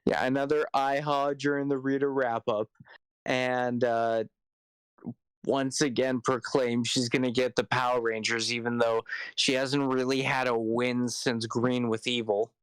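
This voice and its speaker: A man's voice: mid-range voice, flat delivery, a little slow, smooth, no echo, rough recording. A man co-hosting a podcast, walking through plot points in casual chat, sometimes tripping over his words. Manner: rambling, stumbles over words. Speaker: podcast co-host.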